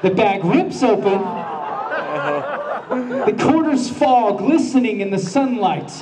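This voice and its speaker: A man's voice: sits high, lively intonation, slow, a crowd in the background. A man at a convention panel telling a comic anecdote on stage, acting out his own panic in quoted bits. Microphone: filmed from the audience at a distance. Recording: distant audience camera recording.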